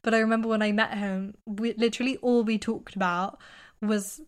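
Chatty British woman, flat delivery. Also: a little high, fairly quick. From Britain. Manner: chatty, laughs often, many likes. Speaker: podcast co-host. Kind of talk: casual chat.

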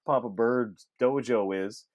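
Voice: mid-range voice, slow, crowd noise. Incredulous, swearing podcast co-host. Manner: relaxed, swears casually, incredulous asides. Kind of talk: casual movie-review chat.

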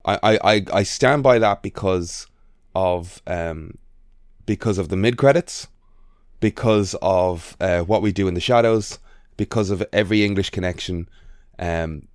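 A man with a very deep voice chats about films on a podcast. He is relaxed and rambling, with lots of fillers between his points. The recording is dry and close. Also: a little slow, dry recording. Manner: relaxed, chatty, uses many fillers. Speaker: podcast co-host. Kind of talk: casual film chat.

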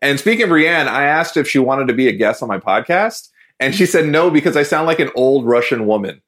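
A man's voice: mid-range voice, animated, a little fast, fairly bright tone. A man hosting a podcast interview in casual chat, talking with frequent restarts. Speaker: podcast host.

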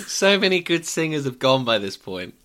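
A man's voice: a little high, huge pitch swings, a little slow, pushed and bright. A young man co-hosting a podcast, chatting in an amused way and laughing easily. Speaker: podcast co-host. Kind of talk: casual chat.

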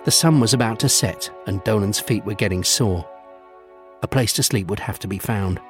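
A man narrating a children's storybook, savouring lists with gentle humour. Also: fairly low pitch, normal speed, soft background music.

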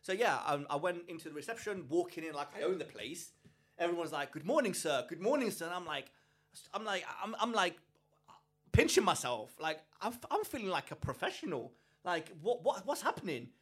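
A man from England co-hosting a podcast, telling a story in a lively, animated way and often restarting his sentences. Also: high voice, a little fast, breathy edge. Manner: animated storyteller, acts out quoted people, frequent restarts. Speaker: podcast co-host. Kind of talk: casual chat, storytelling.

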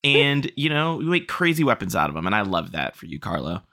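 Laid-back woman co-host with a very deep voice, cheering friends on. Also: very animated, a little fast, fairly bright tone. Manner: laid-back, swears, hypes others up. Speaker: podcast co-host. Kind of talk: casual chat.

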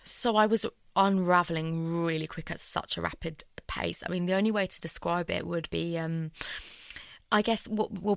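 A woman with a gravelly, slightly low voice tells her story in an earnest, rambling way. She leans on fillers and restarts, and the sound is close and dry. She sounds near tears at times. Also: fairly bright tone, dry recording. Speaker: guest. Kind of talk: candid personal storytelling.

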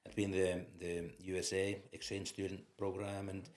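A man in his fifties from Finland with a Finnish accent, a former footballer telling lively anecdotes in an interview and laughing through them. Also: deep voice, moderate pace. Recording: roomy echo.

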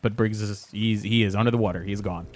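A man running a tabletop role-playing game as game master, narrating scenes in an animated way and laughing often. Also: lowish voice, fast, faint music behind.

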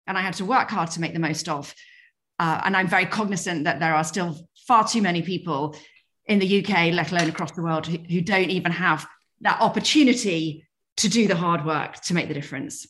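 A woman's voice: lowish voice, fairly bright tone. Earnest woman with a light Yorkshire accent. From England. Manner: earnest, measured, with frequent fillers and restarts. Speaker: guest. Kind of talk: reflective interview conversation.

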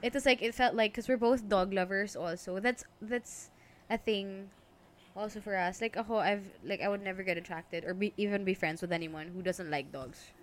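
A woman's voice: mid-range voice, moderate pace, slight background noise. A young Filipino woman co-hosting a casual podcast, chatting and giggling as she mixes English and Tagalog. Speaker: podcast co-host. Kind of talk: casual couple podcast chat. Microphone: podcast microphone.

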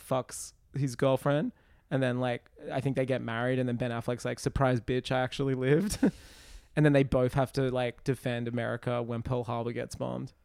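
Rambling man, smooth dry voice. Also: mid-range voice, a little mellow, dry recording. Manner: rambling, lots of fillers and laughs. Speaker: podcast co-host. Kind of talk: casual comedic chat.

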